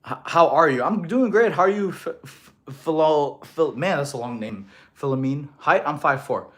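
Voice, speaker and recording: A man in his thirties, originally from Russia, hosts a casual fitness livestream and answers his viewers' comments one by one. His voice sits a little high for a man. He sounds slightly winded, as if he has just finished a set of exercises. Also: expressive, moderate pace. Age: 30s. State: out of breath after exercise. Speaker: fitness streamer.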